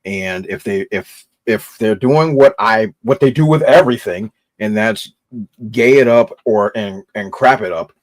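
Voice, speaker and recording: A man on a casual panel chat, giving opinions and dropping his voice low at the ends of remarks. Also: measured pace, no room sound.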